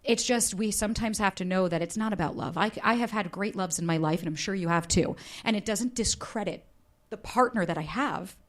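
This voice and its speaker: Animated woman telling candid dating stories. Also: medium pitch, fairly quick. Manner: animated storyteller, acts out quotes, swears freely. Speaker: dating coach guest. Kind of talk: candid podcast interview.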